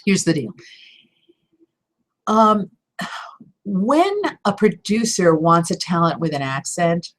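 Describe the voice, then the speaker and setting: A slightly low-pitched woman coaches aspiring voice actors in a live question-and-answer session. She talks directly and warmly encouraging, leaning on key words with firm emphasis and slipping in quick laughs. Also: animated. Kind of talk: live Q&A teaching talk.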